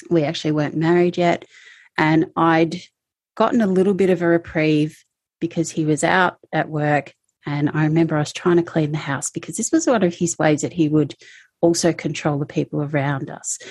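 A woman recounting her personal experiences as an interview guest, speaking in a halting, emotional way. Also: sits low, a little mellow, breathy edge, dry recording. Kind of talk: personal testimony.

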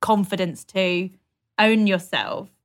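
A woman's voice: mid-range voice, takes it slowly. A young woman hosting an interview, asking curious, encouraging questions. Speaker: interviewer host.

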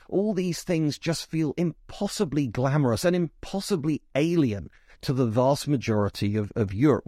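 A man's voice: mid-range voice, dark tone, no room sound. Man, from England, film reviewer, casual chat, asides and restarts, dry close mic. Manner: chatty, restarts often, explains with asides.

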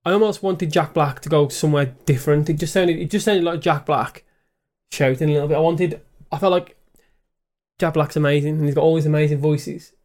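A man's voice: on the high side, fairly even intonation, fairly quick, darkish tone. A man co-hosting a podcast, chatting casually and calling his co-host "mate". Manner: chatty, says "mate" a lot. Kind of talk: casual chat.

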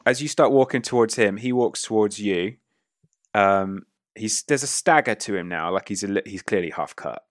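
A man's voice: fairly low pitch, moderate pace, no room sound, studio quality. A man narrating a western tabletop game as game master, describing scenes loosely with many fillers.

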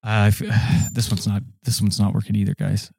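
A man co-hosting a comedy podcast, halting and stop-start as he fumbles through celebrity impressions. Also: on the low side, level tone, creaky, dark tone. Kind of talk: improvised comedy banter.

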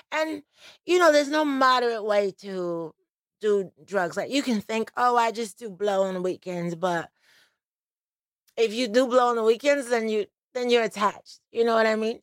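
A woman's voice: on the high side, dry recording, clean studio sound. A middle-aged woman talking as a musician guest in an interview, candid and chatty, with many fillers. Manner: chatty, frank, many "like" and "you know" fillers.

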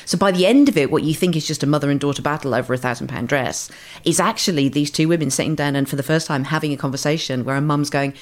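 A woman writer talking as a podcast guest in a lively way, acting out quoted voices. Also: low-pitched, quick pace. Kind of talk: animated podcast chat.

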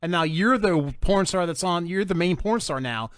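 A man's voice: sits high, expressive, moderate pace, fairly bright tone, clean tone, dry recording, studio quality. A man hosting a casual podcast, rambling and dropping "man" into most sentences. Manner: rambling, with many "man" and "like" fillers. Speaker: host.

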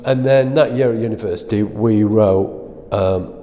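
Middle-aged male guest, low mellow voice, dry self-mocking storyteller, reverberant sound. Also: unhurried. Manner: self-deprecating, laughs at own stories. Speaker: guest telling stories. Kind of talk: anecdotal storytelling.

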